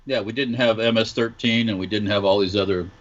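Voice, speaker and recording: A man's voice: fairly low pitch, fairly even intonation, brisk, highs cut off, a crowd in the background. A man co-hosting a podcast, speaking hesitantly with many ums. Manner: hesitant, many ums, drifts into mock preaching. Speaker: podcast co-host. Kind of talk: casual chat.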